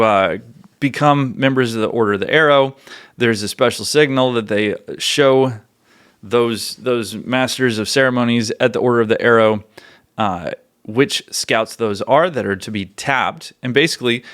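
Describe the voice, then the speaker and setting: A man in his forties telling stories on a podcast in a casual way. His pitch sits in an ordinary middle range for a man. He gets animated and emphatic, and his voice rises into loud bursts when he makes a point. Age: 40s. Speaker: podcast host.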